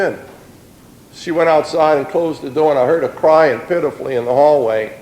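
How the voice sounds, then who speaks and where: A man's voice: on the high side, brisk, a little mellow, reverberant, low-quality recording. A middle-aged man, giving a plain-spoken personal testimony in an earnest storytelling way.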